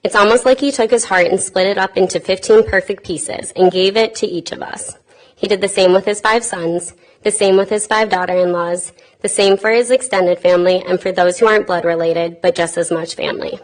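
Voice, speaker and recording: A young woman in her twenties reads a eulogy in a funeral chapel. She is tender and heartfelt, with touches of light humor. Her voice sits at a middle pitch. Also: fairly even intonation, brisk, rough recording. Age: 20s. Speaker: granddaughter giving a eulogy. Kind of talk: read eulogy.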